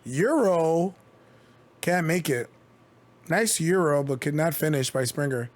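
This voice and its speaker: A man's voice: on the high side, expressive, takes it slowly. Chatty man calling basketball play-by-play. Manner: chatty, jokey asides between play calls. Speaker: streamer giving play-by-play commentary. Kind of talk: casual live game commentary.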